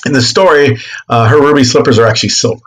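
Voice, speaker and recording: A man's voice: mid-range voice, rough recording. Casual man giving a history lecture. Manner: casual, animated explaining with quick voiced asides. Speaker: history teacher. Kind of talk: classroom lecture.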